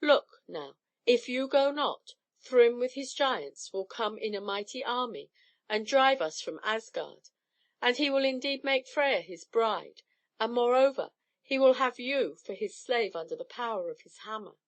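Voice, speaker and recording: A sly male trickster god, as a woman reader puts him on, smooth and mocking under a polite surface. The voice sits a little high. He speaks from a storybook reading. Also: animated, unhurried. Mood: scheming.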